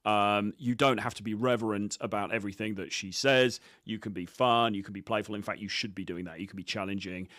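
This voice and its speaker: A man's voice: fairly low pitch, steady tone, fairly quick, hardly any pauses, fairly bright tone, dry recording, studio quality. A man and dating coach giving casual, cocky commentary on his own street footage, swearing freely.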